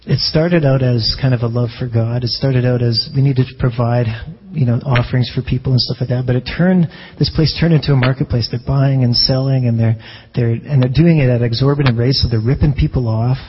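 A man's voice: mid-range voice, fairly even intonation, a little fast, hardly any pauses, lo-fi sound. A man preaching a sermon as a pastor in a conversational way, often restarting phrases and asking rhetorical questions.

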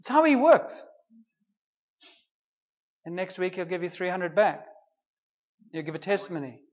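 A man's voice: high voice, sing-song, a little slow, a little mellow, lo-fi sound. A man preaching a sermon in a conversational, humorous way, with playful asides to the congregation.

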